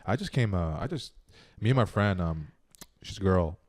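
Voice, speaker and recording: A man's voice: sits low, animated, moderate pace, darkish tone. A man hosting a comedy podcast, telling a rambling story with many restarts in a casual chat. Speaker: podcast host.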